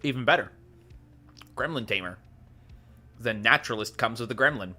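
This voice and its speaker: A man's voice: mid-range voice, expressive, normal speed, bright, forceful tone. A man giving casual commentary while playing a card game, thinking aloud and chuckling often.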